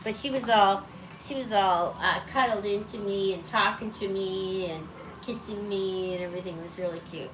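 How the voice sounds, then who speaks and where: At a normal speed, a woman who runs a bird channel rambles chattily through a casual vlog from home, breaking into high sing-song coos for her parrots. Background noise is present.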